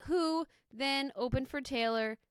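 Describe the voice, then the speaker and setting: Brief: young woman, podcast co-host, loose chatty delivery, crisp dry close-mic sound. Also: high voice, measured pace, no room sound. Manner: chatty, lots of "like" fillers, joking. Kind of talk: casual chat.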